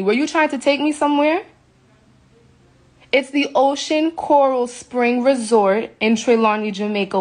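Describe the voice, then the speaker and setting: An upset woman from the United States speaks straight into a phone camera in a hotel room, shaken and venting to her viewers. She is emphatic, often repeats her words and pleads with her audience. Her pitch sits mid-range for a woman. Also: darkish tone. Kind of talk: emotional live video to followers.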